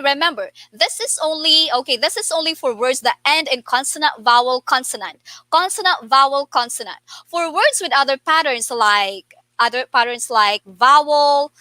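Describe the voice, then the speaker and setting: A woman's voice: high-pitched, sharp tone, dry recording. A woman with a Filipino accent teaching a spelling lesson online, talking in a repetitive way with many okays and slipping into Tagalog now and then. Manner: repeats herself, many okays; code-switches into Tagalog.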